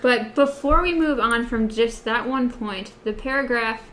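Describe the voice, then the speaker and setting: Woman, book podcast co-host, casual chat, halting with fillers, fairly high voice. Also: a bit bright, slight background noise. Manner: hesitant, many fillers, compares text versions.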